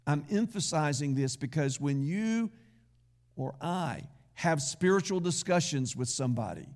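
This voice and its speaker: A man's voice: on the high side, animated, measured pace, a little mellow. A man pastor preaching a sermon in a folksy, conversational way, with asides to the congregation.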